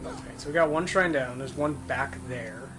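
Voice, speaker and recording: A man giving casual commentary while he plays a video game, with relaxed, wry banter. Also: mid-range voice, normal speed. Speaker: streamer. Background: game music.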